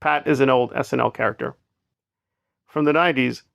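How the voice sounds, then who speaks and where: A man's voice: medium pitch, steady tone, fairly quick, gravelly, fairly bright tone, no room sound. A man giving opinionated, sarcastic commentary, emphatic and repetitive as he makes his points. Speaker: commentary vlogger. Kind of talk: opinionated commentary on online drama.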